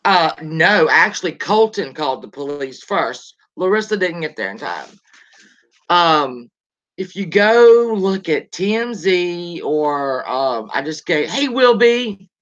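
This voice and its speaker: Woman host, rambling gossip chat, bright and tense, dull lo-fi recording. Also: deep voice, sing-song, takes it slowly. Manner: chatty, rambling, greets viewers mid-story. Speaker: show host. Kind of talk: casual gossip livestream. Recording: lo-fi dull sound.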